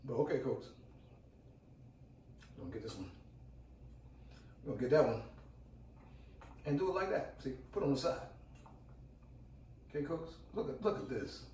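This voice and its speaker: A man's voice: mid-range voice, expressive, normal speed, long pauses, warm tone, far from the mic, a little hiss or hum. Hyped man cooking in a roomy kitchen. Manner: hyped, repetitive, calls out to viewers. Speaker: cooking channel host. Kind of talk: casual cooking demo. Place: home kitchen.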